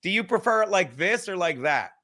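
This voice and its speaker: On a casual livestream, a man with a high, brisk voice hosts his podcast, reading viewer messages and spinning rambling, animated stories full of swearing.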